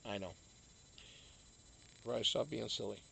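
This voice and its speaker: A man's voice: on the low side, fairly even intonation, slow, vocal fry, fairly bright tone, slight background noise, rough recording. A man hosting a casual live stream, rambling and joking, swearing now and then and answering chat by name.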